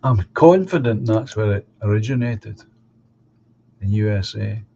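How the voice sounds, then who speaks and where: A man hosting a live stream, chatting casually and giving opinions, halting and restarting as he talks. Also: lowish voice, lively intonation, vocal fry, dark tone. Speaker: live stream host reading viewer comments. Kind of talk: casual chat. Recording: dull lo-fi sound with faint hum.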